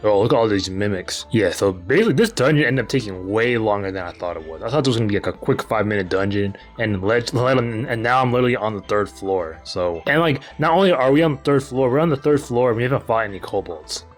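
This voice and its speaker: A man's voice: fairly low pitch, lively intonation, quick pace, few pauses, faint music behind. Laid-back young man gaming commentary. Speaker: gaming channel host. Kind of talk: casual game commentary.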